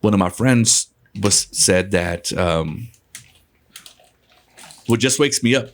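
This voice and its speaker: A man with a fairly low voice tells a ghost story as a podcast guest. He keeps it loose and conversational, with casual swearing and laughs slipped between his lines. He is from West Texas. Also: measured pace.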